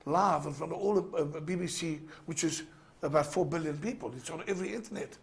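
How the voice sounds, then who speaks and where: Gravelly south african guy, animated, does all the voices when he tells a story. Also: a little high, brisk. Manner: animated storyteller, acts out quotes. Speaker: studio guest. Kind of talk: lively anecdotal chat.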